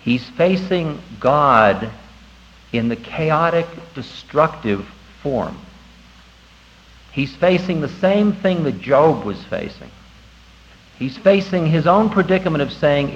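A man giving a conversational spiritual talk to an audience, animated and laughing at himself. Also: mid-range voice, unhurried, a little hiss or hum. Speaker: spiritual teacher. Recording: dull lo-fi recording with faint ambience.

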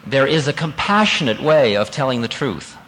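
A man giving a spiritual talk, telling a personal story in a lively, conversational way and laughing at himself now and then. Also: medium pitch, moderate pace, big-room sound, poor audio. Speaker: spiritual teacher.

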